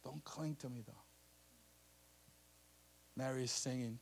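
A man preaching a sermon, telling a scripture story with animated bursts and acted-out voices. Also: mid-range voice, slow, creaky, long pauses, slightly rough.

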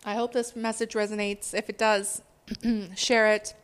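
A woman's voice: medium pitch, level tone, unhurried, clear, resonant tone. A woman giving a casual spiritual talk to her followers, urging and swearing freely as she speaks. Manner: profane, exhortative, laughs at own words.

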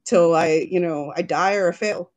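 Over a video call, a woman in her thirties who owns a jewelry business is interviewed as a guest. Her voice is fairly low and darkish, at normal speed, and she talks casually and emotionally, often quoting herself.

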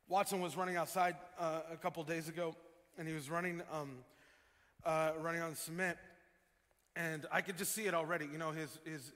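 A male pastor delivers an animated sermon in a high, bright, forward voice. His delivery leaps into loud emphatic peaks, then settles back down. The sound carries a long hall echo over faint music. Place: church sanctuary.

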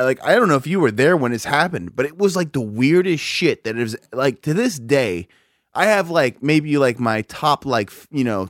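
A man's voice: medium pitch, dry recording, clean studio sound. Rambling, profane man telling a story. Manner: rambling, profane, many fillers and restarts. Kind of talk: casual storytelling chat.

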